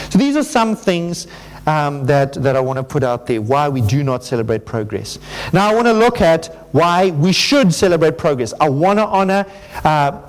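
A male pastor preaching a conversational sermon, animated and full of restarts, acting out the voices people use with themselves. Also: on the high side. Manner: animated, acts out quoted inner voices. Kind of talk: sermon to a congregation.

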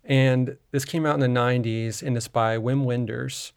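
A man's voice: mid-range voice, steady tone, normal speed, vocal fry, darkish tone, clear, resonant tone. A man co-hosting a film podcast, recapping a movie in a rambling, casual way with lots of fillers and restarts. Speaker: podcast co-host.

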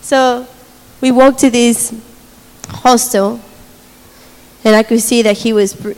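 A woman telling a faith story in a sermon, animated, laughing often and acting out what people said. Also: fairly high pitch, slow pace. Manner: animated storytelling with frequent laughter and acted quotes. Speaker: speaker sharing a testimony. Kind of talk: testimony sermon. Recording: long reverb of a large hall.

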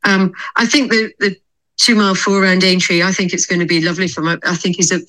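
A woman racehorse trainer being interviewed on a podcast, explaining her plans in a thoughtful, measured way. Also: fairly low pitch, flat delivery, sharp tone, poor audio.

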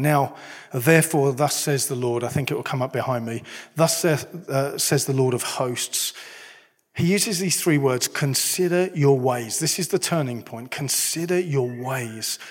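A middle-aged man preaching a sermon, conversational and self-deprecating, asking the listeners many questions. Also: medium pitch. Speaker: pastor. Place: church hall. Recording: long hall reverb.

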